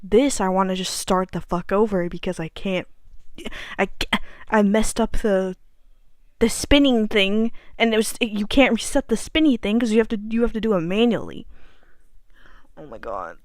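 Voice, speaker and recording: A woman's voice: medium pitch, normal speed, a little mellow, dry recording, studio quality. A woman in casual gameplay commentary, exasperated and near tears, swearing and muttering to herself. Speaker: gaming streamer.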